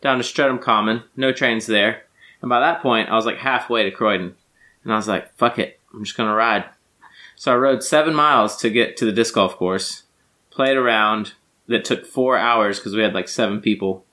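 A tired British man co-hosting a casual podcast. His voice is low yet bright and forceful, and he rambles through self-mocking anecdotes. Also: normal speed. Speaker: podcast co-host. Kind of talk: casual chat.

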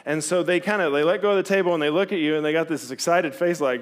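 A middle-aged man, preaching a sermon in a candid, conversational way that swings from loud to hushed. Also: fairly high pitch, quick pace, few pauses. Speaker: pastor.

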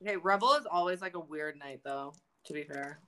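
A woman's voice: deep voice, brisk, bright, forceful tone. A young woman co-hosting a podcast in casual chat, bubbly, laughing often and swearing freely. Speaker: podcast co-host.

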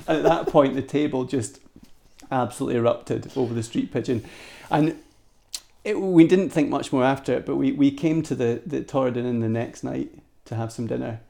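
Gravelly Scottish man telling a story. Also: medium pitch, moderate pace. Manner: animated storyteller, restarts and laughs. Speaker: podcast guest. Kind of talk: anecdotal storytelling.

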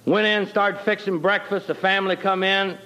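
A man's voice: high-pitched, little pitch movement, moderate pace, sharp tone, rough recording. A middle-aged man telling his personal conversion story in a folksy, plain-spoken way with homespun grammar. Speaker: guest telling his testimony.

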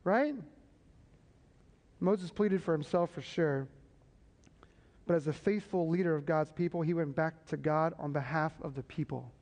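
A man preaching a sermon, building emphasis and tossing quick asides to the congregation. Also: fairly high pitch, a little mellow. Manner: preaching with rising emphasis and repeated call-and-response asides. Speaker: pastor. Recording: long hall reverb.

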